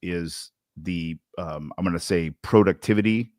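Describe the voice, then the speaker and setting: Low-voiced, loose-talking podcast host man. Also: unhurried, dry recording, clean studio sound. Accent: Southern Indiana. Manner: loose, animated, with slang and many restarts. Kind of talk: casual sales podcast chat.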